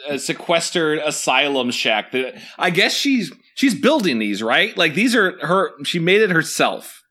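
A man's voice: a little high, very animated, unhurried, bright, forceful tone. A man co-hosting a casual podcast, joking and reacting while discussing a book. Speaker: podcast co-host.

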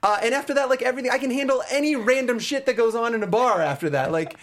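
A man from Arizona hosting a podcast, telling a story in an animated, self-mocking way. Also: very high voice, fast talker. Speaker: podcast host. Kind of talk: casual storytelling.

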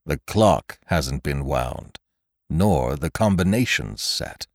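A man's voice: lowish voice, sing-song, a little slow, dry recording, clean studio sound, heavily acted. A man doing a shaky old banker. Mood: distressed. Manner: shaky, groaning. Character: old small-town banker, proud and shaken.

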